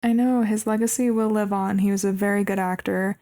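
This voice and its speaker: A woman co-hosting a podcast, narrating a movie plot in a relaxed way with asides. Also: medium pitch, a little fast. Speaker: podcast co-host. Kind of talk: casual podcast movie recap.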